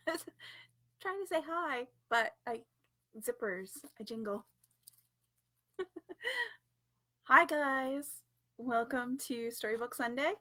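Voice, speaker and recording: A woman hosting a storytime livestream, chatting in a playful, giggly way. Her voice sits high and bright, and she talks slowly and unhurriedly. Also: expressive. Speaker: storytime host. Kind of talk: casual livestream chat.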